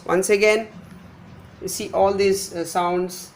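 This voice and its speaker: A middle-aged male English teacher with an Indian accent works through pronunciation drills at a very unhurried pace. His voice sits a little high for a man and carries a gravelly, creaky texture. He says each example word again and again, pushing hard on the stressed syllable. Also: steady tone. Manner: repeats words slowly with exaggerated stress. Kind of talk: slide-based pronunciation lesson.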